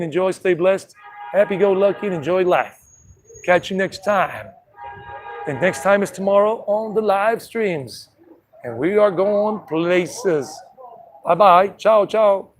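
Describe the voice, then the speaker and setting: A man's voice: high voice, normal speed, slight background noise. A man hosting a casual travel live stream from an outdoor city street, talking loosely and restarting sentences often into a phone held at arm's length. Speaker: travel vlogger.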